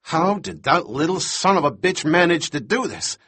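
A male narrator voicing a blunt, quick-tempered scientist who speaks sharply in a raised, higher voice. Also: sing-song, a bit bright, slightly rough, full character voice. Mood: angry.

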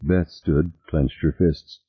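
A man narrating an audiobook in a measured storytelling manner, husky. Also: rumbling low, steady tone. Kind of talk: scripted narration. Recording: tinny phone-like band.

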